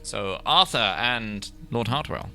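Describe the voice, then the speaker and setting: Lively, bright-voiced game master. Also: male voice, on the low side, slow, soft background music. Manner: rambling, with many fillers and restarts. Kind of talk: narrating a tabletop game over voice chat.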